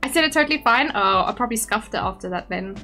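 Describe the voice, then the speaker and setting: A young woman streamer talks casually to her chat in a fairly high, bubbly voice, self-deprecating and quick to giggle. She sits at a home setup on a desk mic. Soft game music plays behind her. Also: lively intonation.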